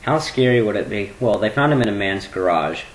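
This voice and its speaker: A man's voice: lowish voice, lively intonation, a little fast, slight background noise, rough recording. A teenage boy chatting casually at home into his webcam, rambling and joking and prone to giggling. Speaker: vlogger.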